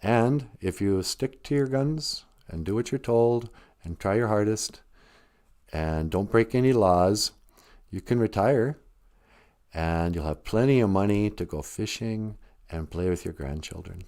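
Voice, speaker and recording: A man's voice: lowish voice, unhurried, a little mellow. A middle-aged man hosting a live stream, talking casually and joking as he teaches Ojibwe words and says a prayer. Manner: joking and rambling, breaks into laughter and prayer.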